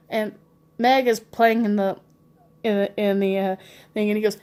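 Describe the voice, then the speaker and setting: A woman's voice: medium pitch, fairly even intonation, moderate pace, darkish tone. A woman around forty telling funny stories in a casual, rambling way, with many fillers and laughter. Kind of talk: casual anecdotal storytelling.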